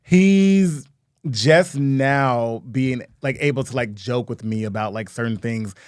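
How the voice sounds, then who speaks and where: A man in his thirties co-hosting a podcast, chatting casually and throwing in quick, playful jokes. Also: clear, resonant tone, dry recording, clean studio sound. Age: 30s. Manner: playful, quick joking interjections, lively swings in pitch. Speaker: podcast co-host. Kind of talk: casual chat.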